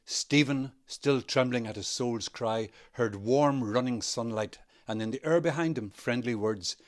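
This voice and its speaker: A man with a Northern Irish accent, an actor reading a novel aloud in a measured, expressive way. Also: medium pitch. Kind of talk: literary reading.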